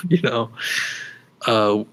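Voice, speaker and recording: A man's voice: medium pitch, expressive, extremely slow, fairly bright tone. A man co-hosting a casual film podcast, joking and trailing off mid-thought. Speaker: podcast co-host. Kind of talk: casual chat. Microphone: podcast microphone.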